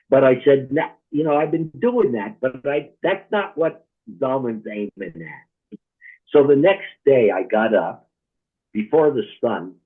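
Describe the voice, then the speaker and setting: A man, a rabbi, telling a story slowly and reflectively in a conversation, often checking in with "all right?". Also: medium pitch, breathy edge. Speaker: rabbi, guest speaker. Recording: tinny phone-like line.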